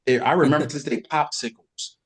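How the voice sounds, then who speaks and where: A middle-aged man, a guest bodybuilder, telling lively backstage stories and imitating other people's voices in casual chat. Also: a little high, fairly quick, husky. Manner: animated storyteller, does voices of others. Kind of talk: casual storytelling.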